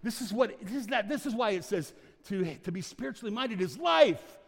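A middle-aged man preaching a sermon as pastor, telling stories in a lively way and acting out the voices in them. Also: high voice, normal speed, vocal fry. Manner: animated storytelling, acts out quoted voices. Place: church sanctuary. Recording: long church hall reverb.

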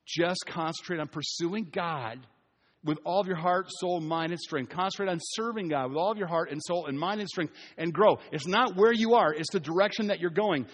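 A middle-aged male pastor with a high voice preaches in an easy, storytelling way. His voice carries a long reverb from the church hall around him. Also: normal speed. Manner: storytelling, animated and conversational. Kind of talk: sermon.

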